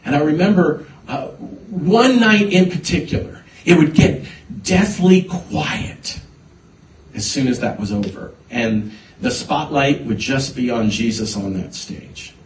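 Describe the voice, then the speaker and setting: A man preaching a sermon, telling a personal story with halting restarts before building to emphatic points. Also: on the high side. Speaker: pastor. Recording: echoey hall, voice from a distance.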